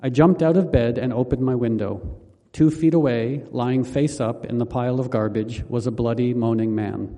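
A man reading his own memoir aloud in a calm, measured, wry manner. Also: mid-range voice, long reverb tail. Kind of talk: memoir audiobook narration.

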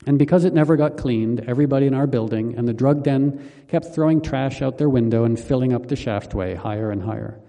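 A man reading his own memoir aloud in a calm, measured, wry manner. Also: mid-range voice, long reverb tail. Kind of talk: memoir audiobook narration.

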